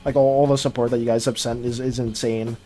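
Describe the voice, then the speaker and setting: An art streamer in casual live-stream chat, talking to viewers in a stammering, flustered, excitable way and repeating words often. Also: medium pitch, fast.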